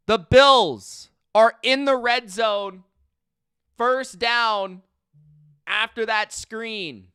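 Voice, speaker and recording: Bright-voiced excitable man calling a game. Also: very high voice, drawn-out words, smooth. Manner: excitable, profane, swings from muttering to yelling; repeats himself in disbelief. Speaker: live stream sports reaction host. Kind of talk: live play-by-play and reaction commentary.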